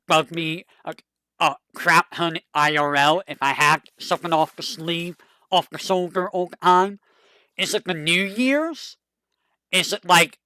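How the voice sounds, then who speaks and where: A streamer chatting casually to a live audience, rambling and excitable with a fond tone. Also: mid-range voice, dry recording.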